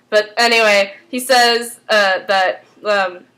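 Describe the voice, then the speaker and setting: A woman's voice: medium pitch, steady tone, takes it slowly, bright, forceful tone. A woman casually recapping a TV episode, rambling with lots of fillers. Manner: rambling, full of "like" and "um". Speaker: TV recap vlogger.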